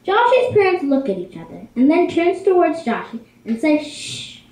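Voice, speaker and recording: A woman tells a children's story with a high, animated voice that rises and falls expressively. The room around her is noticeably echoey. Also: normal speed. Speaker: narrator. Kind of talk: storybook narration.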